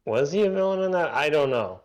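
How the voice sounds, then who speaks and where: A man's voice: a little high, expressive, fairly quick. A man co-hosting a casual movie podcast, laid-back and hesitant, with lots of "I mean" fillers. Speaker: podcast co-host. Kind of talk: casual chat about movies.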